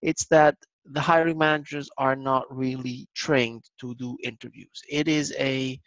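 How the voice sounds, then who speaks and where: Guy with a gravelly voice walking through his point slow and measured, dry close sound, video call. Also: mid-range voice, steady tone, fairly bright tone, no echo, dull audio. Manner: measured, explanatory, with filler ums. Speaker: company guest. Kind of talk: business webinar explanation.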